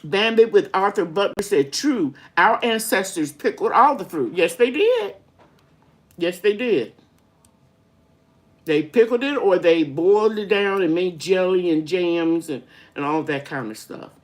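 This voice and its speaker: A woman's voice: on the low side, animated, unhurried. An older woman hosting a live-stream gardening Q&A, chatty and folksy, greeting viewers by name as she rambles through explanations. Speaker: gardening channel host.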